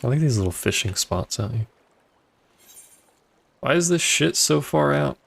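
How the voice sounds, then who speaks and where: A man's voice: fairly high pitch, lively intonation, measured pace, creaky, fairly bright tone, breathy edge. A man streaming a video game, talking casually with wry grumbling and swearing. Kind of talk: casual gameplay commentary.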